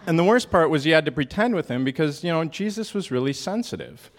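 A man performing a comic monologue on stage at a story slam, mock-sincere and wistful, with a deadpan delivery. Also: fairly high pitch, quick pace, a little hiss or hum.

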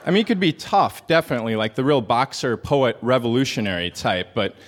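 A man telling a comic story at a storytelling show, earnest and hesitant, with a halting delivery. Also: mid-range voice, expressive. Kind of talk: deadpan comic monologue. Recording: hall reverb, faint noise.

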